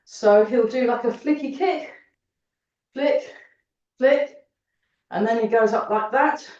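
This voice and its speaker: Woman instructor, out of breath, counting reps, slow talker, echoey distant sound, dull recording. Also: on the high side, a little mellow. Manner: cheerful, chatty, counts aloud. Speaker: fitness and tai chi instructor. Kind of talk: counting through an exercise class. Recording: roomy echo, distant mic, dull sound.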